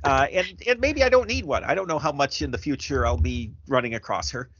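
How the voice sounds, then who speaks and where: A middle-aged man chatting casually, reflective and halting with many restarts. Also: mid-range voice, animated, a bit bright, breathy edge, dry recording. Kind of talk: casual chat. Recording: dry dull lo-fi sound.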